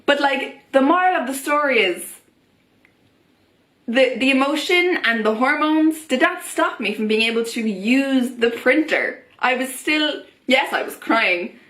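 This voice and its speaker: A young woman vlogging on a casual rant, her fairly high voice leaping up in excitement. She talks straight to camera in a lively, chatty way, in a room with noticeable echo. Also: a little slow. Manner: animated, excitable, frequent pitch jumps and laughs. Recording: echoey room.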